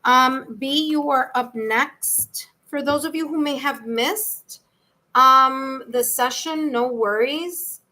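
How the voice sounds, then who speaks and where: A woman's voice: sits high, slow, sharp tone. A woman with a New York accent giving a chatty, reassuring live-stream tarot reading and calling on viewers by name. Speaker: tarot reader.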